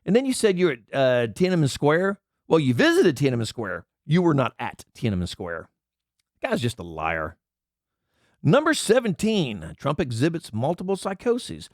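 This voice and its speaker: A commentary channel host, this man reads out items in his angry political show and mocks them with indignant rants. His fairly high voice swoops wildly in pitch at a normal speed. The recording is dry and studio quality.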